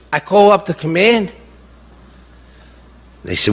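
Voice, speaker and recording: A man's voice: lowish voice, expressive, a little slow, long pauses, fairly bright tone. A middle-aged man telling his own story as a bereaved father, indignant and impassioned, repeating himself for emphasis and firing off rhetorical questions. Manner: frequent "you know" and rhetorical questions. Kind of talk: emotional personal account. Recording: long hall reverb.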